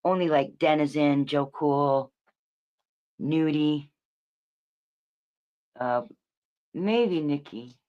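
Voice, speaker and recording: A woman's voice: deep voice, very slow, long pauses, dull audio. A woman hosting a livestream, rambling and swearing through a casual rant, often restarting her words and swinging between emphatic lines and muttered asides. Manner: profane, rambling, self-correcting. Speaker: livestream host. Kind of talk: casual ranting commentary.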